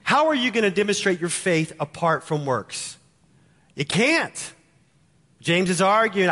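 Texan guy preaching, kinda high voice, hammers the same lines over, big echoey hall. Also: big pitch swings, unhurried, sharp tone. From Texas. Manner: emphatic, repeats key lines for effect. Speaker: pastor. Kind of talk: sermon. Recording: long hall reverb.

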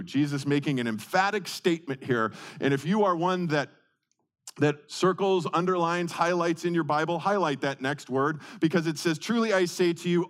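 A pastor preaches a sermon, repeating key words for emphasis and swinging from quick bursts to slow, drawn-out phrases. His voice is on the high side.

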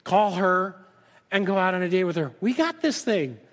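A middle-aged male pastor preaching a sermon, acting out lively back-and-forth dialogues with God. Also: high voice, normal speed. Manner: animated, acts out dialogue with God in different voices. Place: church sanctuary. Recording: reverberant church hall.

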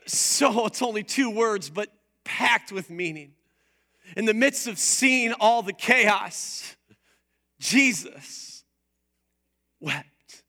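A man preaching a sermon in an animated, playful way, drawing his congregation into call-and-response. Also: high voice, drawn-out words, long pauses. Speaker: pastor.

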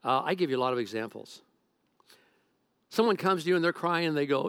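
A middle-aged male pastor preaching in an animated, story-driven way, his pitch leaping up and down as he jokes. His voice sits a little high for a man and sounds close and dry, with no room around it. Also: quick pace, long pauses, smooth, dry recording. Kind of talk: sermon.

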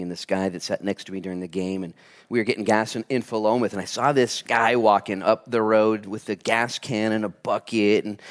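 A man preaching to his congregation with the easy rhythm of a storyteller. His voice sits in a middle register, dropping to near-hushed asides before rising into quick, excited bursts. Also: mid-range voice. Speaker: pastor. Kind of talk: sermon.

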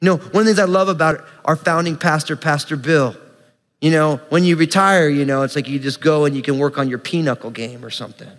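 A young pastor with a somewhat high voice preaches earnestly, mixing scripture reading with casual asides. His voice rings with the long reverb of a church sanctuary. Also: a little fast. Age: young adult. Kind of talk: sermon.

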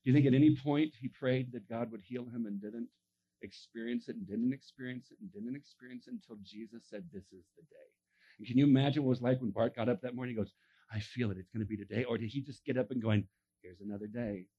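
A male pastor tells a story from the pulpit with lively energy. He acts out every voice in it and laughs as he goes. The sound is a little dull. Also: mid-range voice, fast talker, slightly rough. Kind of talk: sermon storytelling.

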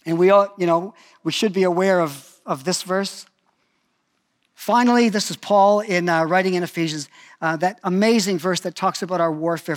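A man's voice: sits high, moderate pace. An older man preaching a sermon in a conversational way, often restarting his phrases as he tells personal stories.

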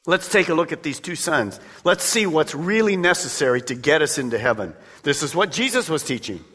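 A man preaching from the pulpit in a lively, swooping voice, calling on his listeners directly. His tone is bright and forceful. Long reverb from a large church sanctuary trails every phrase. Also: fairly high pitch, a little fast, breathy edge. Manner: emphatic, conversational preaching with direct appeals to listeners. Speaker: pastor. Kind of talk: sermon.

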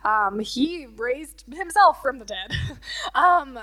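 A woman's voice: sits high, expressive, slow pace, bright, forceful tone, low-quality recording. A woman worship leader giving an earnest, emotional personal testimony during a church service interview, with many fillers.

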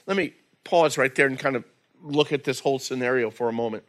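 Man of average pitch preaching in a church, talks to the flock casually and earnestly. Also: quick pace. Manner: conversational, earnest preaching with frequent "man" and "again". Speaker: pastor. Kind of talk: expository sermon.

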